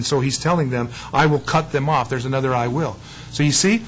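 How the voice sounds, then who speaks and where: A man teaching a Bible study in a chatty, digressive way, often trailing off into quiet asides. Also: a little high, husky, poor audio.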